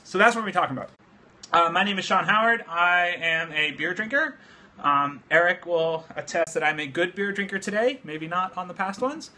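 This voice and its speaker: A man hosting a casual livestream chat from his home studio, excitable and loose, swearing freely while drinking beer. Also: sits high, brisk. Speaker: livestream host. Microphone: phone livestream app.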